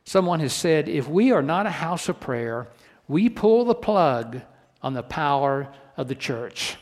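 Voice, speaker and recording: Earnest preacher man, higher-pitched, echoing hall. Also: very animated, measured pace. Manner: earnest preaching with rhetorical questions and repeated restarts. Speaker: pastor. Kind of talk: sermon.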